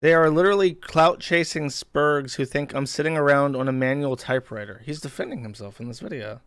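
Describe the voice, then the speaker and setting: A man's voice: a little high, fairly quick, fairly bright tone, clear, resonant tone. A man hosting a live stream, reacting to a clip and to chat in a profane, incredulous, mocking way. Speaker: streamer host. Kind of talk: casual live-stream commentary.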